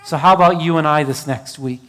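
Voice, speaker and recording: A man's voice: a little high, fairly quick, fairly bright tone, big-room sound. A middle-aged man preaching a sermon as pastor, building emphasis and telling stories to illustrate his point. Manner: preaching with rising emphasis and storytelling asides.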